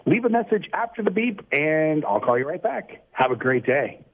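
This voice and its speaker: A man's voice: a little high, sing-song, moderate pace. A man putting on a syrupy radio-announcer voice for his voicemail greeting, heard over a phone line.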